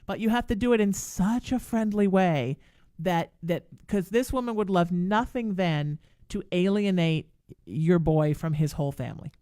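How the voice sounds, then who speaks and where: Chatty lady radio host giving advice, smooth crisp voice, dry studio mic. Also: on the low side, expressive, normal speed, mellow, dry recording. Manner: chatty, emphatic, calls callers honey. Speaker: radio show host and psychic. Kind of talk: live call-in radio advice.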